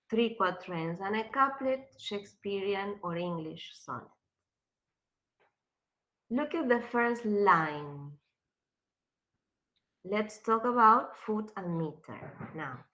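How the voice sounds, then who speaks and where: Slow, bright-voiced woman teacher. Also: mid-range voice, lively intonation, poor audio. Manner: slow and questioning, switches to Spanish. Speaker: literature teacher. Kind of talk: classroom lecture.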